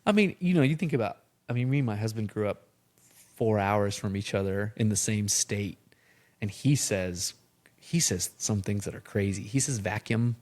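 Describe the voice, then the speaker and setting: A man's voice: lowish voice, normal speed. Man telling stories animatedly. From Texas. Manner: animated storyteller. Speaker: podcast guest. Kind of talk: casual chat.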